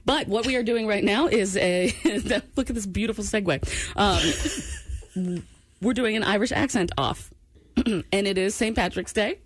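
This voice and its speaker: A woman's voice: medium pitch, takes it slowly, dry recording. A woman hosting a radio show, laughing often and bantering playfully after a few drinks. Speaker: radio host.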